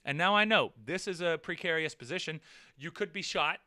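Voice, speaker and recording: A man telling a road-rage story in a casual vlog, swearing freely and swinging between muttering and near-shouting. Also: fairly high pitch, fairly quick. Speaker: vlogger.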